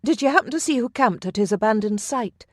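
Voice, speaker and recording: A woman voicing a fiery young noblewoman, defiant, sharp and scornful. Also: on the high side, lively intonation, fairly quick, no room sound, clean studio sound, voice pushed up. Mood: wary.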